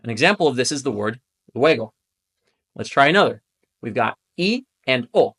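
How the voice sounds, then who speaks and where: A young adult man who is a native English speaker, teaching a Spanish pronunciation lesson in a clear, patient way and drilling vowel sounds. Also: mid-range voice, very animated, normal speed, fairly bright tone. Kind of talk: instructional video lesson.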